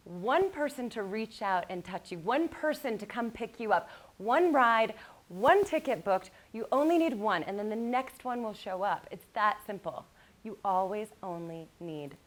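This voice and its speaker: A woman playing her calm, wise mother. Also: medium pitch, unhurried, poor audio. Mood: gentle. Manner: soothing, guiding a breathing exercise.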